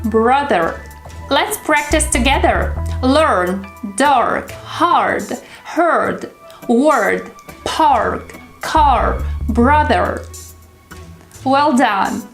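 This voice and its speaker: Woman, high voice, teacher, patient pronunciation drills, roomy echo, light music behind. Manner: slow, deliberate modeling of sounds. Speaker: English teacher. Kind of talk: scripted pronunciation lesson. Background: faint background music.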